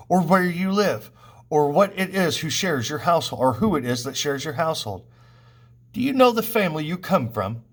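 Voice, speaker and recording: A man's voice: a little high, fairly bright tone. A man reading the part of a stern, blind old prophet aloud in a grave, warning tone.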